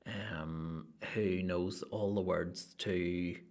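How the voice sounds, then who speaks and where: A man voicing a scheming male media producer, hushed and conspiratorial. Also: sits low, fairly even intonation, extremely slow, heavily acted.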